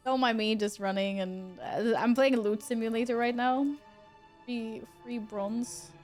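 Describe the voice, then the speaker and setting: Soft background music plays as a woman who grew up speaking Swedish streams a game, chatting casually with viewers and humming to herself between remarks. Her voice is on the high side, steady in tone and a little slow.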